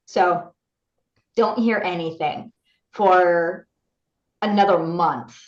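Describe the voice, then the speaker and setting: A woman voice actor, a guest on an interview show, telling a story in a lively way and acting out other people's lines in bright voices. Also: mid-range voice, moderate pace. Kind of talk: animated anecdote telling. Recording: roomy, slightly dull recording.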